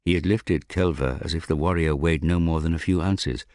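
Very deep-voiced male narrator. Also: no echo, clean studio sound. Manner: measured, even storytelling. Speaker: audiobook narrator. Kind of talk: scripted fantasy narration.

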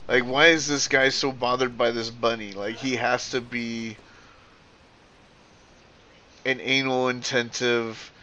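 A man's voice: medium pitch, steady tone, normal speed, sharp tone, a little hiss or hum. A man streaming while gaming, rambling in casual chat with lots of fillers and casual swearing.

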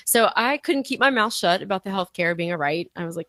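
A woman chatting on a podcast in a lively, animated way, laughing often and acting out what others said. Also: medium pitch, quick pace, few pauses, no room sound. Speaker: podcast guest. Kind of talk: casual podcast chat.

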